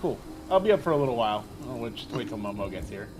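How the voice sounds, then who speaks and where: A man's voice: medium pitch, big pitch swings, fast talker, over music. A man playing a tabletop game, speaking offhand and casually. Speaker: player. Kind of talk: tabletop role-play.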